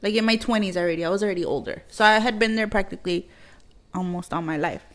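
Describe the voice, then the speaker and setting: A woman in her thirties hosts a podcast and tells a personal story in loose, casual chat. She speaks bluntly and swears heavily, and she rambles with plenty of fillers. Her voice sits at an ordinary pitch. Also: quick pace. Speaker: podcast host.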